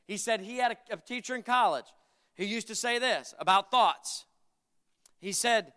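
High, bright-voiced preacher man in a hall. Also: normal speed. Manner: fervent preaching, repeats phrases, calls for amen. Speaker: pastor. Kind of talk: sermon. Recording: long reverb of a large hall.

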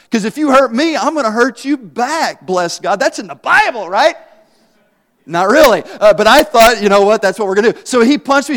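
Animated preaching man in a reverberant hall. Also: high-pitched. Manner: animated, swings from soft asides to loud bursts. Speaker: pastor. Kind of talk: sermon storytelling.

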